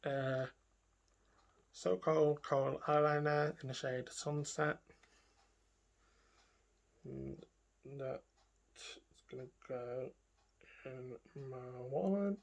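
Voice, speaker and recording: Gravelly-voiced woman chatting through her makeup. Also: rumbling low, extremely slow, long pauses. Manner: chatty, talks to herself while working, trails off into murmurs. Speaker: beauty vlogger. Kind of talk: casual makeup tutorial.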